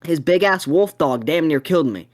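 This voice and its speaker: A young adult co-host tells a story in loose, profane chat on a podcast. The voice sits mid-pitch but swings up and down a lot. The delivery rambles, stops and restarts, and breaks into sudden excited bursts. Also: moderate pace.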